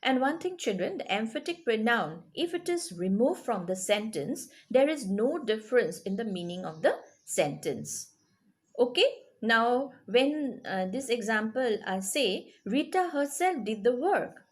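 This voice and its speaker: A woman's voice: on the high side, animated, unhurried. A woman teaching a grammar lesson to children, explaining patiently and checking in with questions. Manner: explains patiently, checks in with rising "yes?" and "okay?".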